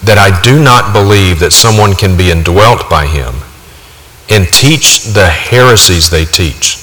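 A man preaches with a low, forceful, bright-edged voice that presses hard on each point. His words ring out with a long reverb, as if spoken in a large hall. He hammers his points home with emphatic repetition. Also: expressive, unhurried. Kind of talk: sermon.

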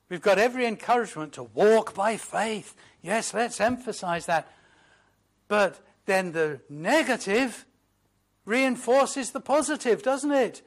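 A man delivers a sermon in a fairly high voice, taking his time over each phrase. He swings between ringing declarations and quiet, reflective asides, and slips into hymn lines as he goes. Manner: slow, emphatic preaching with swings between loud declarations and hushed asides. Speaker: preacher.

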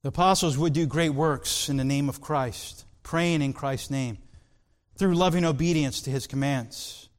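A man preaching a sermon in an earnest, emphatic way, drawing out key words slowly. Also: on the high side, a bit bright. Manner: earnest, emphatic, with slow drawn-out stresses.

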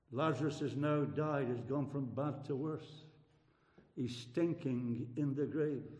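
A man's voice: medium pitch, a little mellow. Older male preacher in an echoing hall. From England. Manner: fervent, rising emphasis and dramatic pauses. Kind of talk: sermon.

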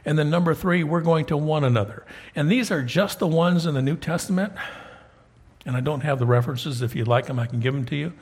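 A middle-aged pastor preaches from the pulpit of his church sanctuary in a somewhat husky, breathy voice that runs on the high side with a darkish tone. He talks a little fast, conversing with the congregation and rising emphatically whenever he drives home a key point.

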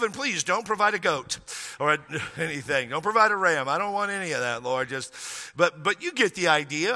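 A man's voice: fairly high pitch, sharp tone, long reverb tail. A middle-aged man preaching a sermon, telling a story with humor and acting out prayers. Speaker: pastor.

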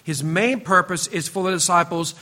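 A man preaching a sermon to his congregation, earnest and emphatic, often dropping to a quieter, lower voice and addressing listeners by name. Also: moderate pace. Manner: speaks directly to the congregation, teasing members by name. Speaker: pastor.

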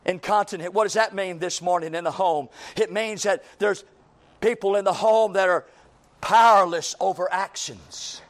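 Man, preacher, very high voice, fiery sermon, shouts and hushed stretches, repetitive emphasis. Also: moderate pace. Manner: impassioned, swings from shouts to low intense passages.

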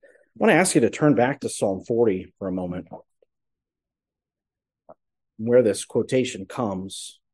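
A man's voice: lowish voice, lively intonation, moderate pace, a little mellow. A man preaching a sermon, explaining scripture earnestly and posing rhetorical questions to his congregation. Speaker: pastor.

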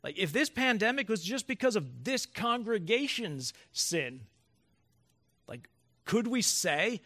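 A man's voice: high voice, big pitch swings, slow, bright, forceful tone. A man preaching a sermon as pastor to his congregation, emphatic and building through rhetorical questions.

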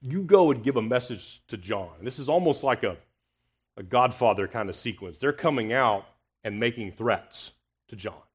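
Husky preacher man, dramatic sermon. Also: mid-range voice, expressive, moderate pace. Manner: confrontational, rhetorical questions, swings from loud to hushed. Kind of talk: expository sermon.

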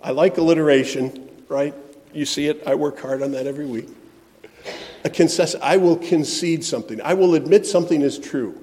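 Expressive preacher in a reverberant hall. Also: male voice, a little high, brisk. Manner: expressive, shifts between soft and emphatic delivery. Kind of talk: sermon.

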